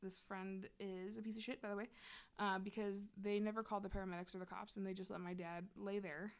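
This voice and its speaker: A young adult woman sharing a personal story in relaxed conversation. Her speech is loose and slangy, with casual swearing and a candid, unguarded manner. Her voice sits in an ordinary middle pitch. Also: a little fast. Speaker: guest telling a personal story.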